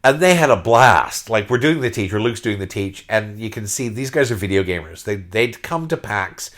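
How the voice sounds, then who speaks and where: Brief: middle-aged Aussie man, podcast host, lower voice, tumbling animated storyteller. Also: moderate pace. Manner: excitable, repeats words, restarts when carried away. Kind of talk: casual storytelling monologue.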